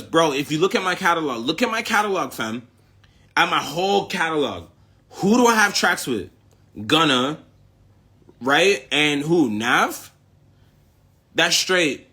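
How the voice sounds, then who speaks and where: A man's voice: fairly high pitch, bright, forceful tone, husky. A young man from the United States, a rapper, in a boastful, profane, confrontational ranting monologue.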